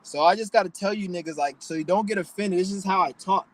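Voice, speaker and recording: A man's voice: high voice, fast talker, low-quality recording. A young man hosting his own channel, ranting bluntly and profanely in a preachy, emotional way. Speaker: channel host. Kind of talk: casual vlog rant.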